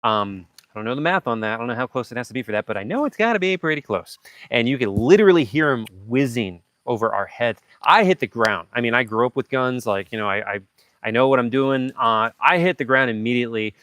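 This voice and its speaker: A man hosting a livestream, telling a story casually and acting out sound effects and shouted lines. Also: mid-range voice, animated, fast talker, no room sound. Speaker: livestream host.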